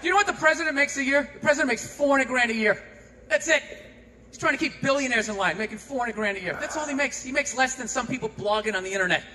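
Sarcastic, ranting stand-up comedian man, very high voice. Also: fast talker. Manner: sarcastic, ranting, with sudden shouts. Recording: long hall reverb, audible noise.

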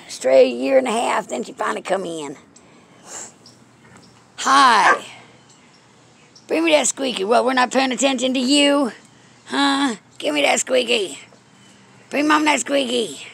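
A woman cooing baby talk at her pets, her voice high and very gravelly with plenty of fry. Her pitch swoops up and down in a sing-song way, and she drags her words out slowly. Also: a bit bright, a little hiss or hum. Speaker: pet owner. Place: outdoors at home.

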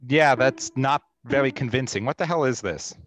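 A man's voice: medium pitch, normal speed, a bit bright, dry recording. A man performing improv comedy on a video call, wry and hesitant with many fillers.

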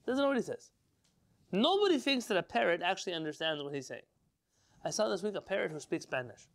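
Male rabbi teaching, fairly high voice, gravelly fry, lively questioning style. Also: fast. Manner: lively, rhetorical, asks the class questions. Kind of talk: informal Torah lesson to a live class.

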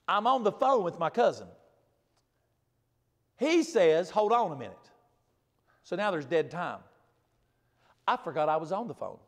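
A man preaching a sermon as pastor, swinging from loud emphatic repetition to quiet asides. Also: high voice, in a large hall.

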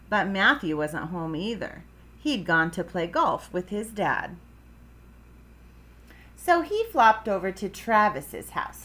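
Slow, expressive woman reading aloud. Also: mid-range voice. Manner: expressive, sound effects for a children's audience. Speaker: teacher. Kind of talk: storybook read-aloud.

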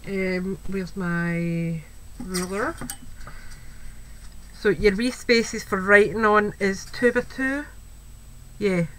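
A woman's voice: mid-range voice, fairly even intonation, drawn-out words, long pauses, a bit bright, low-quality recording. A Scottish woman chatting casually as she shows off a crafting item at home, gushing and full of "wee"s and "um"s. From Scotland. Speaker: crafting video host. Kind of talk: casual show-and-tell. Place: home, a child heard in the background. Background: faint household noise.

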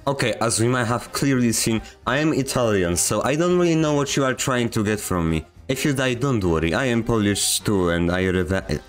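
A man hosting his channel, reading viewer comments aloud and mocking them with deadpan, slangy sarcasm. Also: mid-range voice, normal speed, few pauses, faint music behind. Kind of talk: comedic comment-reading vlog.

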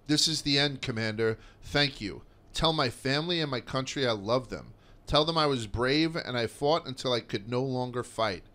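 Young Russian soldier with a put-on Russian accent, played by a man, solemn and measured, a bright tone with an even pitch. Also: close to an everyday voice. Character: doomed young male Russian soldier, grave and dignified.

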